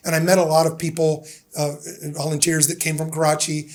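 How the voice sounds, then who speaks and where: A fairly high-voiced American man in his fifties talks through his memories as a podcast guest. He tells them casually and animatedly, slipping into the voices of the people he quotes. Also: brisk. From United States. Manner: animated storyteller who acts out the people he quotes. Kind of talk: casual storytelling interview.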